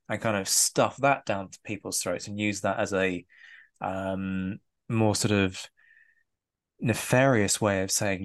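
A man's voice: lowish voice, fairly even intonation, a little slow, dry recording, clean studio sound. A man hosting a podcast, asking long, thoughtful, winding questions of a guest. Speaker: podcast host. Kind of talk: conversational podcast interview.

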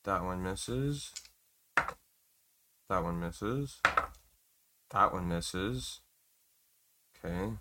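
A man in a relaxed manner, narrating a tabletop game as game master and laughing along. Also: low voice, drawn-out words, pauses often, heavy background noise. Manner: laid-back, laughing through narration.

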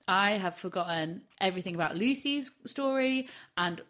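A woman from Yorkshire, England, co-hosts a casual true-crime podcast, chatting in a self-deprecating way and laughing often. Her voice is medium-pitched, expressive and fairly bright, at a normal speed.

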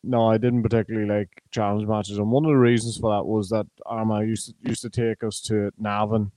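An Irish man talking as a pundit, a former player, in a measured, hesitant way with many ums. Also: fairly low pitch, little pitch movement, dark tone, dry recording, rough recording. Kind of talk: casual sports chat.

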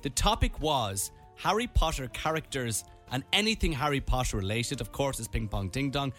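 A man's voice: mid-range voice, animated, normal speed, a bit bright, faint music behind. A man from Ireland co-hosting a radio show, chatting casually and reading out items with playful commentary. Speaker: radio host.

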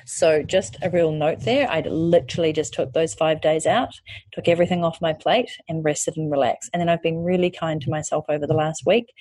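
A woman's voice: low voice, dark tone, dry recording. A woman hosting a podcast, giving candid advice in a chatty way that includes casual swearing. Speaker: podcast host and online course creator.

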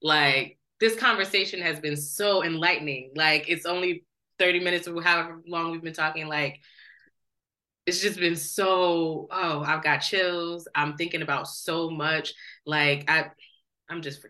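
A woman's voice: sits low, fairly even intonation, measured pace, pushed and bright. A woman hosting a podcast, chatty and effusive, with lots of "like" fillers. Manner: chatty, effusive, says "like" a lot. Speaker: podcast host. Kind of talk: casual interview chat.

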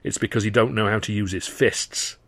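A man voicing a gruff former boxer who gives blunt, instructive fight advice. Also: lowish voice, fairly even intonation, brisk, fairly bright tone, no echo.

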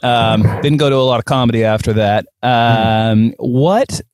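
A man's voice: mid-range voice, measured pace, clear, resonant tone, dry recording. A man hosting a podcast, telling a story in casual chat and acting out the voices in it. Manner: animated storyteller, mimics voices in anecdotes. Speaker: podcast host.

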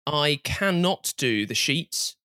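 A man's voice: a little high, lively intonation, slow, sharp tone, dry recording, studio quality. A man hosting a podcast in a casual, teasing chat, laughing often. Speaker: podcast host.

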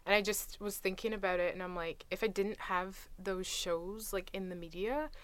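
A young woman talking casually as a guest, retelling stories in a chatty, animated way. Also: mid-range voice, normal speed. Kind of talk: casual conversation.

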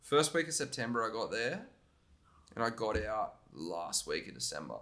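A young Australian man, a podcast guest, telling stories in a relaxed, rambling way with plenty of fillers and restarts. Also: on the low side, moderate pace. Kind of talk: casual chat.

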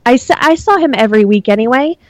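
A woman's voice: sits high, quick pace, no room sound, rough recording. A woman in her thirties, a podcast guest chatting casually and acting out the voices in her stories. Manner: animated storyteller, acts out quoted voices. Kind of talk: casual conversation.

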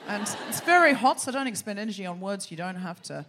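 An Australian woman hosts a live comedy podcast on a theatre stage in front of an audience, speaking quickly with a medium pitch and a lively, slightly bright tone. She talks in exclamations, repeats phrases and laughs as she goes. There's slight background noise.

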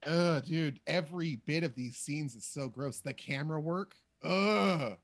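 A man chatting casually and profanely on a podcast, animated and rambling, acting out quotes in silly voices. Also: a little high, moderate pace, no echo. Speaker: podcast co-host.

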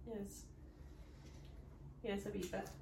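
A Scottish woman co-hosting a comedy podcast, telling a story in a casual, animated way and acting out the voices of the people in it. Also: medium pitch, slow pace, gravelly, slight background noise. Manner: acts out quoted voices, animated. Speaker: podcast co-host. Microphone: phone. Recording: echoey room, distant phone mic.

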